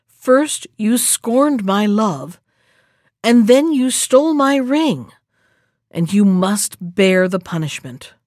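A woman's voice: mid-range voice, lively intonation, slow pace, darkish tone, no room sound, clean studio sound. A woman reading aloud and voicing a fierce, vengeful young witch maiden in a storybook. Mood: stern.

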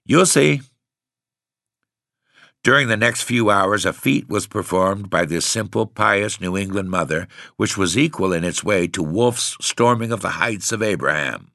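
Gravelly, expressive male storyteller. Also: on the low side, no room sound, clean studio sound. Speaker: narrator. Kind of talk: audiobook narration.

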